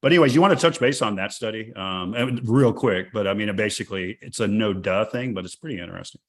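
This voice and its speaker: A man co-hosting a podcast, talking in a relaxed, joking way. He pokes fun at himself and at his friends. His voice sits somewhat low. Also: fast. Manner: joking, loose and self-deprecating. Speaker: podcast co-host. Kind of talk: casual podcast chat.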